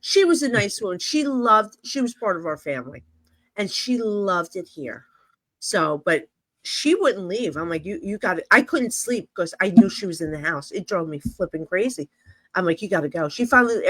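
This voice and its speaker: A woman's voice: medium pitch, very animated, moderate pace, a bit bright, dry recording. A middle-aged woman from New Jersey, a psychic medium telling stories in a casual interview, rambling and full of fillers like "you know".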